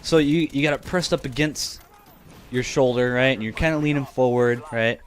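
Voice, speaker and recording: A man's voice: medium pitch, fairly even intonation, moderate pace, a little hiss or hum. A man in his twenties telling funny personal stories to his viewers in a casual, chatty way, often laughing and saying "you know". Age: 20s. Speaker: vlogger. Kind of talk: casual storytelling to camera.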